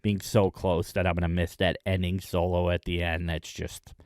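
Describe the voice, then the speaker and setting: A man hosting his own video, chatting enthusiastically in a casual rundown with frequent pauses. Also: sits low, flat delivery, a little mellow, no room sound, clean studio sound. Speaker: music video host.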